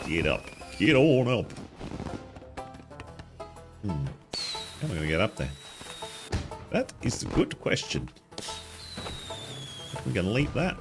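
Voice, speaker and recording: A man giving casual commentary on a game he is playing, chatty and easily delighted, with frequent exclamations. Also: extremely low pitch. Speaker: gaming guide host.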